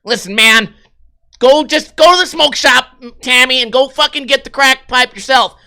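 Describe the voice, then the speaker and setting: A man's voice: very high voice, moderate pace, bright, forceful tone, smooth, voice pushed up, heavily acted. A man voicing an irritated, lazy boyfriend who brushes off demands in an exasperated way. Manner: exasperated, dismissive.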